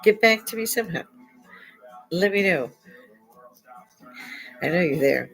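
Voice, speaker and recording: Slow-talking older woman. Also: lowish voice, expressive, fairly bright tone, soft background music, low-quality recording. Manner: chatty, laughs often. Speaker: host. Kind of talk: casual live-stream chat.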